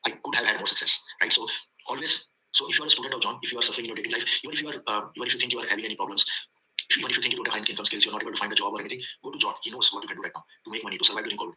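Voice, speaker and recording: A man's voice: fairly low pitch, rapid-fire, bright, forceful tone, a little hiss or hum, rough recording. A man with an Indian accent giving a rambling testimonial, repeating himself and filling gaps with "uh" as he speaks English as a second language. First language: not English. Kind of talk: casual testimonial.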